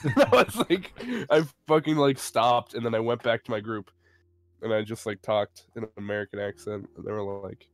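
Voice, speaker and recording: A man's voice: medium pitch, fairly quick, dry recording. Rambling, foul-mouthed young man. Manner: rambling, swears a lot, self-mocking. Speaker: co-host of a live stream. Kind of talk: casual chat, rambling anecdote.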